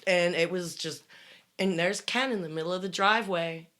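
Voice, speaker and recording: A middle-aged woman telling a dramatic personal story on a podcast, swearing freely and rising to loud bursts. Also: lowish voice, normal speed. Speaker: guest telling her story.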